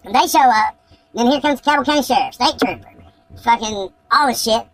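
High-voiced woman telling a story. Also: brisk, faint music behind, rough recording. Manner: profane, excited storytelling. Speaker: podcast host. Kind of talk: casual podcast chat.

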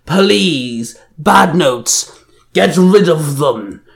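A man voicing a menacing male monster villain who taunts in a slow, drawn-out way. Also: fairly high pitch, expressive, gravelly, full character voice. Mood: sneering.

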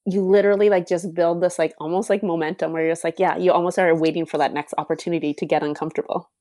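A woman's voice: lowish voice, fairly even intonation, fast talker, dark tone, no echo, clean studio sound. A woman in her thirties co-hosting a podcast, talking in enthusiastic, rambling casual chat with lots of "like"s. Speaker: podcast co-host.

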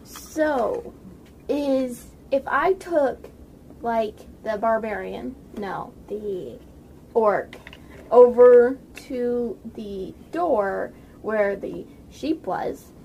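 A woman with a slightly high voice works through her plan slowly, full of small pauses and "like"s. A faint hiss of noise sits behind her. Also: vocal fry. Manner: thinks out loud, hesitant and careful. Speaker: player. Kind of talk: casual tabletop game chat.

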